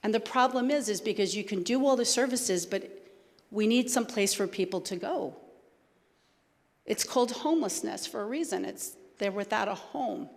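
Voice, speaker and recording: A woman with a New Jersey accent talks fast and conversationally, her voice carrying a long reverb around a church hall. She speaks as a guest answering questions from the audience. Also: mid-range voice, creaky.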